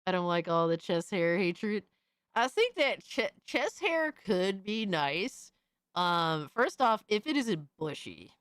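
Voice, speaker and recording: A young adult woman streamer doing profane, excitable reaction commentary, often shrieking in disbelief. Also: mid-range voice, slow, dry recording, clean studio sound.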